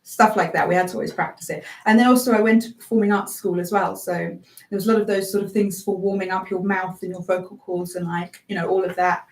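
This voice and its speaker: A woman's voice: mid-range voice, steady tone, fast, recorded from a distance. Chatty giggly woman radio presenter. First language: Afrikaans. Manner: chatty, giggly, self-deprecating. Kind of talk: casual live radio chat. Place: small radio studio. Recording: roomy sound from off-mic.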